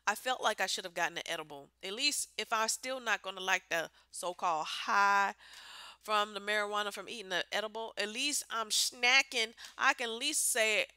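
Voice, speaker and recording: A woman's voice: medium pitch, normal speed, sharp tone, smooth, no echo. Blunt, swearing woman ranting on a vlog. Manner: blunt, exasperated, swears freely. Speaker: vlogger.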